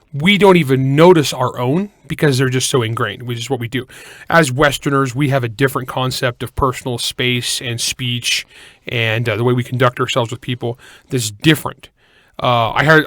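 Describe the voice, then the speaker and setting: A man's voice: medium pitch, a bit bright, dry recording, studio quality. A man from California co-hosting a podcast, chatting casually in a rambling way with joking asides and frequent self-corrections. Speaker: podcast co-host. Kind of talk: casual chat.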